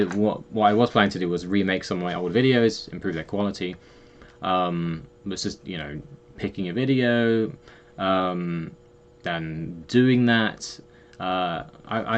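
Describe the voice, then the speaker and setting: A man's voice: low voice, normal speed, dull audio. A man, a language teacher and host, talking in a rambling, casual vlog monologue full of loose asides.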